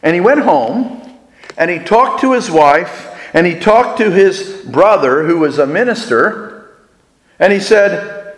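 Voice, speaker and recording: Slow-speaking preacher in an echoing hall. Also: male voice, high-pitched, expressive. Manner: slow, deliberate storytelling with dramatic pauses. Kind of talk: sermon. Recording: echoey hall with long reverb.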